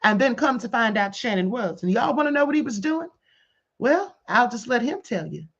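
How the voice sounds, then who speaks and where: A woman hosting a casual commentary livestream, talking to her chat in an animated way and calling viewers beloveds and honey. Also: fairly high pitch, normal speed, husky. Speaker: livestream host. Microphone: computer or headset mic on live stream. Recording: dull lo-fi stream audio.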